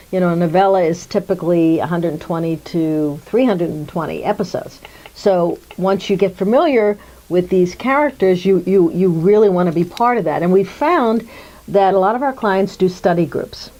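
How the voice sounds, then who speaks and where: A woman's voice: on the low side, mellow, low-quality recording. A middle-aged American woman being interviewed, speaking thoughtfully with fillers and restarts. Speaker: interviewee, dubbing company executive. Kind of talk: conversational interview answers.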